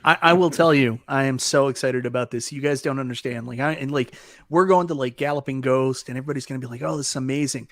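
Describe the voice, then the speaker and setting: An excitable man hosting a podcast, talking in casual chat with big exaggeration. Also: mid-range voice, fast talker, dry recording. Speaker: podcast host.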